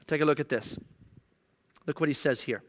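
A middle-aged man preaching a sermon, animated, slipping into sarcastic mock voices as he reads. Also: fairly high pitch, moderate pace. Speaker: pastor.

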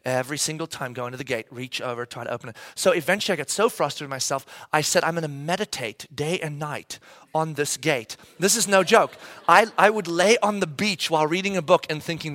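Bright-voiced man in his thirties preaching. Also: a little high, brisk, dry recording. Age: 30s. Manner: animated, acts out voices of his kids. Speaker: pastor. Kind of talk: sermon with storytelling.

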